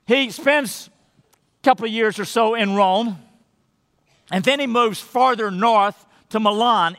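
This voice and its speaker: A man preaching a sermon as pastor in a church, emphatic, drawing out key phrases slowly and restarting his sentences. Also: high voice, a bit bright. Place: church sanctuary. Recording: long reverb of a large hall.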